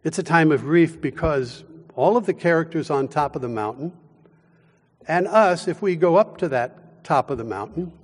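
A man delivering a sermon, his voice pitched a little above the usual for men. He preaches slowly and deliberately, leaning on emphasis and long dramatic pauses. His words ring out with a long reverb, as if recorded in a large hall. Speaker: pastor.

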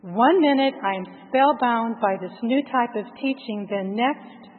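A woman narrating a first-person guided meditation in a slow, reflective, hushed way. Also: fairly high pitch. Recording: tinny phone-like sound with long reverb.

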